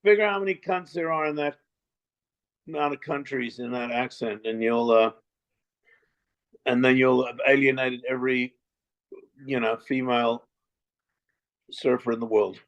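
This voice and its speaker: A man's voice: mid-range voice, fairly even intonation, normal speed, pauses often, muffled recording. An older man from South Africa with a mixed South African accent, a guest on an interview show, telling rambling, bawdy, joking stories over a remote call line. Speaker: guest filmmaker. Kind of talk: casual interview chat.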